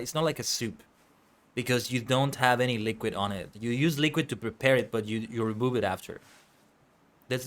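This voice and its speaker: A man streaming and chatting casually, animated and exclaiming, often correcting himself mid-sentence. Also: mid-range voice. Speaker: VTuber streamer. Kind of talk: casual stream chat and reactions.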